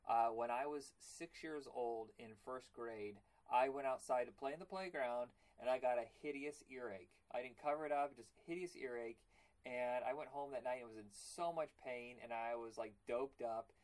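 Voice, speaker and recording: Rambling, excitable male podcast host. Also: mid-range voice, moderate pace. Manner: rambling, excitable, acts out cartoon voices. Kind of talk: casual chat.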